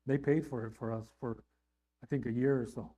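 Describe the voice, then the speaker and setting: A middle-aged man preaching a sermon in a conversational way, often asking "right?" and rising in pitch and volume on emphatic lines. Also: fairly even intonation, brisk, dark tone. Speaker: pastor.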